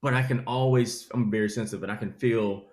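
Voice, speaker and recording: A comedian with a Southern accent, riffing in an animated, preachy way with comic asides during an interview. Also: male voice, on the low side, fairly quick, roomy sound. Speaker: comedian guest. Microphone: video call.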